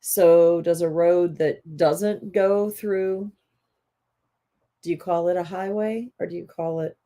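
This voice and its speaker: A woman with a somewhat low voice, co-hosting a casual live stream. She talks in a folksy, opinionated way. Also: steady tone, slow, dark tone.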